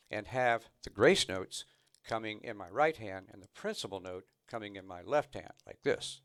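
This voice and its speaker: A man's voice: on the low side, expressive, normal speed, very noisy. A man teaching snare drum technique, patiently explaining and counting rhythms aloud between demonstrations. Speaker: drum instructor. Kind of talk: instructional demonstration.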